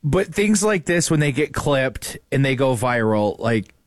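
A man's voice: medium pitch, big pitch swings, unhurried, no room sound, clean studio sound. Laughing man radio co-host. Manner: laughs often, rambling. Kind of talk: casual morning radio banter.

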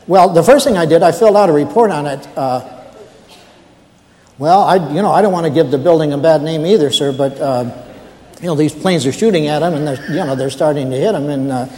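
A man's voice: on the high side, fairly quick, mellow, in a large hall, natural voice. A man playing a nervous new male night guard who stammers politely on the phone to his boss. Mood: flustered. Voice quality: stammering, hesitant, overly polite. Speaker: comedian.

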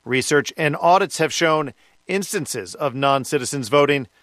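Man, news correspondent, slightly high voice, steady even tone, dry close sound. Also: normal speed, no room sound. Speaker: radio correspondent. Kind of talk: news report.

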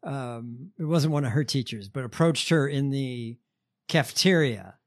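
A man hosting a casual podcast chat, telling stories in a halting, sardonic way. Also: medium pitch. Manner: storytelling, halting with fillers, sardonic. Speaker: podcast host.

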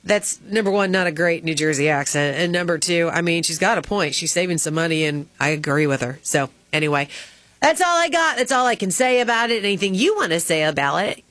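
A woman's voice: lowish voice, lively intonation, fairly quick, fairly bright tone, no room sound. A woman hosting a radio morning show, chatting in a self-deprecating way on a studio microphone.

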